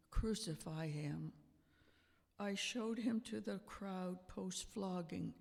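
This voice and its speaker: Give me a man playing Pontius Pilate, gravelly and slow, in a reverberant church. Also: high voice, a little mellow, heavily acted. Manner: slow, deliberate, emphatic storytelling. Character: Pontius Pilate, middle-aged male Roman governor, defensive and self-justifying. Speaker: witness in a church courtroom play. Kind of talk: amateur church drama. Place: church sanctuary. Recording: long church hall reverb.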